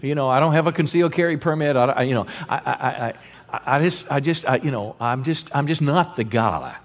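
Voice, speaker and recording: Male pastor, middle-aged, mid-pitched voice, earnest sermon delivery with frequent stammered restarts. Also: brisk. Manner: earnest preaching with repeated stammered restarts and quoted scripture.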